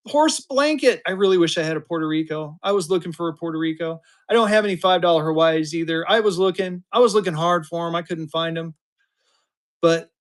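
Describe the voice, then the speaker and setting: A man's voice: high-pitched, fairly bright tone. A man in his fifties running a live-stream auction, with chatty, upbeat patter that hypes the bids. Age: 50s.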